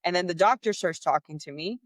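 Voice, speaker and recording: A woman's voice: on the low side, brisk, dry recording. Candid woman retelling a story, dry sound. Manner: candid, animated, acts out quoted dialogue; exasperated, frustrated. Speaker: podcast host. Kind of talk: personal storytelling.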